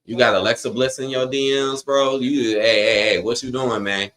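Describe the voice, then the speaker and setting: A man's voice: medium pitch, fairly even intonation, normal speed, a bit bright. A man hosting a live watch-along stream, chatting casually and reading out viewer comments. He talks in blunt, slangy, opinionated bursts, straight to his chat.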